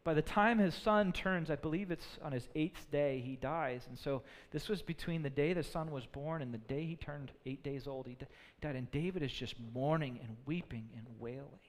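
Male pastor, sermon, earnest, repeats words, high voice, long hall reverb. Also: normal speed. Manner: earnest, repeats words when building a point.

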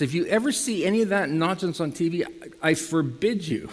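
A man preaching a sermon to his congregation in lively style, now and then rising to loud emphatic bursts. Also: a little high, fairly quick, long reverb tail. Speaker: pastor.

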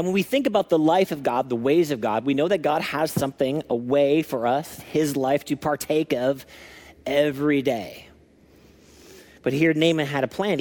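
A lead pastor delivers a sermon with an animated storytelling manner. His voice sits fairly high for a man, and he acts out the scenes he recounts. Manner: animated storytelling, acting out scripture.

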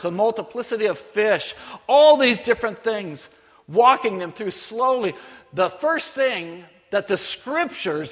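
A man giving a missionary sermon as a lively story, acting out other people's voices. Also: sits high. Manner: animated, acts out voices of others. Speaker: missionary speaker. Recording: long hall reverb.

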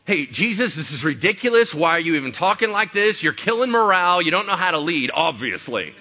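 An exasperated grown male disciple who can't believe what he's hearing, played by a preacher in his sermon. His voice jumps high and loud with protest. The recording is dull and lo-fi. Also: sing-song, brisk, heavily acted. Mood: indignant. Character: exasperated loyal disciple, adult man.

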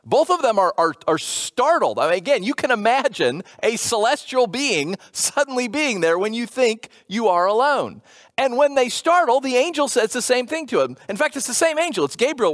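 A man preaching a sermon, retelling a Bible story in a lively storytelling way with colloquial paraphrase and quick acted-out quotes. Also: high-pitched, no echo, clean studio sound. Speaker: pastor.

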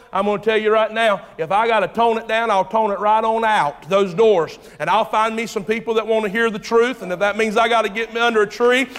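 A pastor preaching an animated sermon, swinging between loud and hushed. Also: male voice, sits high. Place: church sanctuary. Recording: long reverb of a large hall.

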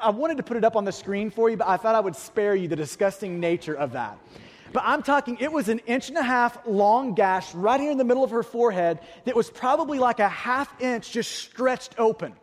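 A man's voice: very high-pitched, in a large hall. A man preaching a sermon, telling a personal story with vivid detail and rhetorical questions to the congregation. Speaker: pastor.

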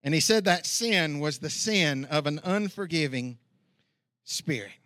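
A middle-aged man preaching a sermon outdoors, telling a folksy story with lively asides. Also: on the high side, unhurried, dry recording, clean studio sound. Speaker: pastor. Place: outdoor church service.

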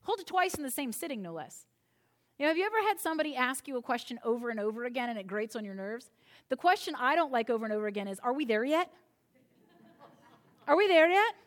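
A woman's voice: fairly high pitch, expressive, very fast. A woman preacher delivering a sermon in a conversational way, retelling a scripture story with asides to the listeners.

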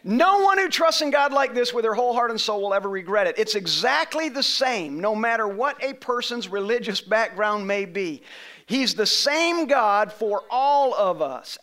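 A man preaching a sermon to a congregation, emphatic and rising to shouts on key phrases, leading call-and-response. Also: high voice. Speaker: pastor. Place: church sanctuary.

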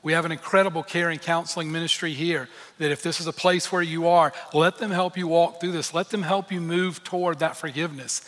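A man's voice: on the high side, steady tone, brisk, hardly any pauses, fairly bright tone. A man preaching a sermon as pastor, earnest and emphatic, with candid personal asides. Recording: long hall reverb.

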